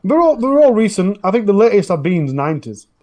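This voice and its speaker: A man's voice: high voice, big pitch swings, fast talker, dark tone. A man with a Northern English accent, chatting casually on a podcast about his true crime channel, telling stories in a rambling way with many restarts. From northern England. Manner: rambling storytelling with frequent restarts.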